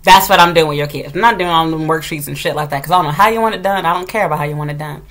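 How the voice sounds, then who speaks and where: A woman, a substitute teacher, telling a story to the camera as a casual rant, blunt and full of slang and swearing, getting loud as she recalls scolding. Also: low voice, rapid-fire. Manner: animated, gets loud when retelling scolding.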